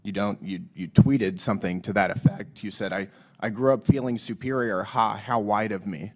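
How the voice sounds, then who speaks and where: Man, hoarse from a cold, fairly low voice; a lawmaker at a hearing, blunt, reads quotes aloud. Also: moderate pace, darkish tone. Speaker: lawmaker questioning a witness. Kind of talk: congressional hearing questioning. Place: hearing room.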